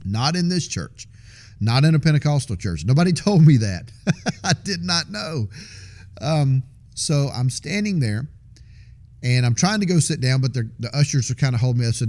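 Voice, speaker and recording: An earnest man recounts his conversion story in a plain, conversational voice of middle pitch. He circles back over his words, restarts sentences and drops in small laughs as he tells it. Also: very animated, normal speed, a little mellow. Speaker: testimony speaker. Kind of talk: personal testimony storytelling.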